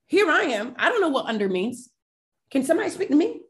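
A woman's voice: sits high, fairly quick. Emotional woman telling a personal story. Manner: emotional, animated retelling with quoted dialogue. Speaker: podcast guest.

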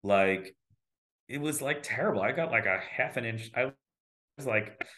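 A dentist in his fifties chatting casually as a guest, telling lively stories and acting out the voices he quotes. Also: mid-range voice, normal speed, a little hiss or hum. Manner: animated storyteller who acts out quoted voices. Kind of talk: casual podcast conversation.

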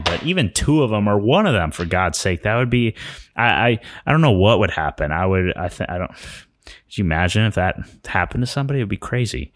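Male vlogger, deep voice, dry sound, chatty and rambling, restarts often. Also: dry recording. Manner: rambling and excitable, with many restarts and fillers. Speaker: vlogger and filmmaking teacher. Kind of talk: casual travel vlog storytelling.

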